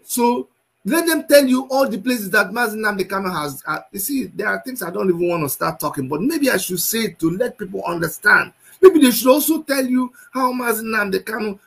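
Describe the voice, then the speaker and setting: Guy ranting at someone, husky, voice jumps all over, yells sometimes. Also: very high-pitched, low-quality recording. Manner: scolding, repeats himself, raises his voice to shouting. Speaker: commentator. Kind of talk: impassioned online commentary.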